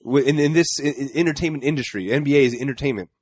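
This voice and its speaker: A man's voice: medium pitch, racing, a little mellow, breathy edge, no room sound. A man co-hosting a podcast in casual chat, often stammering and repeating words. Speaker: podcast co-host.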